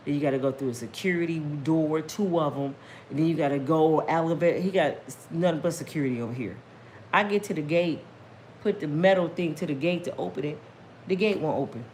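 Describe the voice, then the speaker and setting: Speaking directly to her audience, a middle-aged woman vlogger shares a personal story casually but with emphasis. When she gets worked up, her voice rises high and she bursts into religious exclamations. There is slight background noise.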